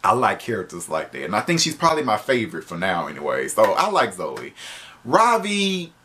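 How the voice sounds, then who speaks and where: Animated, laughing male reviewer. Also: fairly low pitch, a little fast. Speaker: video reviewer. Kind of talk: casual spoken review.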